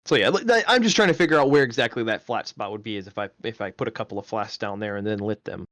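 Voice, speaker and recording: A man's voice: fairly low pitch, quick pace, fairly bright tone, no room sound, clean studio sound. A man playing a tabletop game on a live stream, thinking aloud with many questions and ums. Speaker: player.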